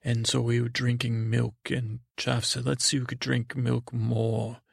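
A man improvising a rambling, halting comic story in a naive, childlike persona, full of restarts. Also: mid-range voice, flat delivery, gravelly, slightly rough, no echo, clean studio sound. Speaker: comedy podcast host. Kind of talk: improvised in-character comedy storytelling.

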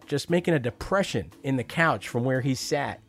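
Wry, profane New storyteller, middle-pitched man, over faint background music. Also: normal speed, vocal fry, fairly bright tone. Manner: wry, profane, acts out quoted voices. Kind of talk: personal storytelling monologue.

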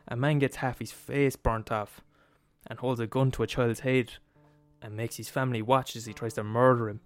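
Male podcast host, mid-pitched, sweary comic rant with faint guitar music underneath. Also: clean tone, dry recording. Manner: profane, emphatic, laughs at his own points. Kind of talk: comedic rant.

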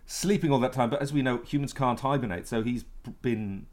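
A man guesting on a comedy podcast, delivering a mock news report in a deadpan, rambling way. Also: mid-range voice, a little fast. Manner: deadpan, rambling with playful fake voices.

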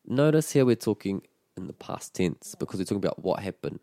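A deep, mellow-voiced man works through phrases in a language lesson. He explains each one patiently and models how to say it. The sound is close and dry. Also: sing-song, a little fast, dry recording. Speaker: te reo Māori teacher.

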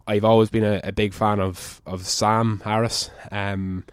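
A man's voice: fairly low pitch, flat delivery, measured pace, clear, resonant tone, no room sound. A young man in casual podcast chat, giving blunt opinions and swearing now and then.

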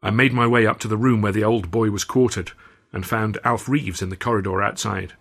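A man who is the author reading his own novel aloud in measured, wry first-person narration. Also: fairly low pitch, fairly even intonation, vocal fry, a bit bright.

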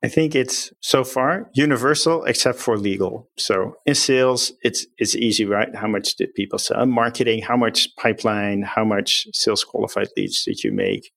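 A man with a low, gravelly voice answers interview questions as a company executive. He explains in an upbeat, plain-spoken way. The sound is dry and close. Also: expressive, moderate pace, few pauses, a bit bright, no echo.

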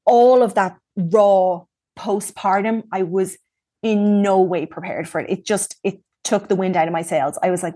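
A woman's voice: mid-range voice, moderate pace, dark tone, dry recording. Frank woman recounting her story. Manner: frank and reflective, with frequent ums and likes. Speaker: guest. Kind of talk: casual personal storytelling in conversation.

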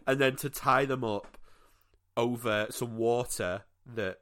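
A man's voice: medium pitch, takes it slowly, fairly bright tone. A man co-hosting a film podcast in casual chat, giving wry, easygoing commentary. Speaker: podcast co-host.

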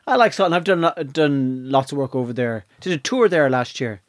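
An Irish speaker with a mid-range voice, telling lively and sweary travel anecdotes in a casual chat. The sound is close and dry. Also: medium pitch, a little fast, no echo.

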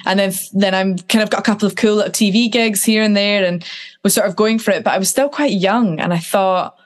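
A woman in her twenties chats through her past in a relaxed interview. She tells it loosely and with energy, jumping up in pitch whenever she acts out what someone said. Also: fairly quick. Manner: animated, acts out quotes. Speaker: guest. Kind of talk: casual storytelling.

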